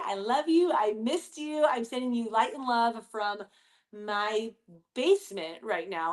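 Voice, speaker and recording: A woman, hosting a casual motivational talk from her home basement in an upbeat, chatty way. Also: mid-range voice. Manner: upbeat, chatty, addresses listeners as you guys. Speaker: podcast host.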